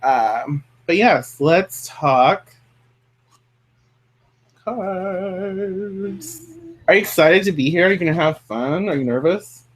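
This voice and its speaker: Male host, casual and chatty, pitched a little high, prone to tangents. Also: animated, takes it slowly, pauses often. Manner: chatty, rambling, goes off on tangents. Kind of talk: casual chat.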